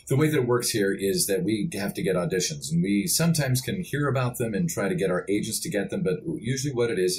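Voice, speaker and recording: A middle-aged male voice actor, a podcast guest, telling rambling, animated stories with many restarts. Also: low-pitched. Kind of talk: casual podcast interview.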